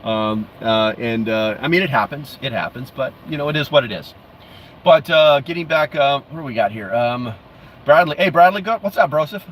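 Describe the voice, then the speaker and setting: A man's voice: mid-range voice, moderate pace, fairly bright tone, slight background noise. A middle-aged man hosting a casual livestream, reading viewer comments aloud and rambling with lots of fillers and restarts, calling viewers bro. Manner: friendly, calls viewers bro. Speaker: livestream host.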